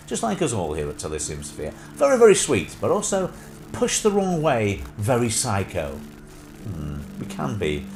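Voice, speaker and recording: A man's voice: medium pitch, wildly swooping pitch, normal speed, a little mellow, faint music behind. A man hosting a casual chat show livestream from his home couch, rambling and breaking into song. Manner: chatty, rambling, bursts into song. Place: home living room on a couch.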